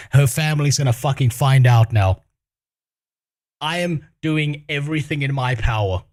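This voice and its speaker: A man's voice: mid-range voice, a little mellow. Swearing, heated male streamer. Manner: profane, heated, swears constantly. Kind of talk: casual storytime rant.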